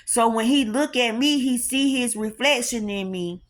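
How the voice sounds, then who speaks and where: A woman's voice: fairly high pitch, moderate pace. A woman giving an informal spiritual teaching in an emphatic, colloquial, preacher-like way with lots of repetition.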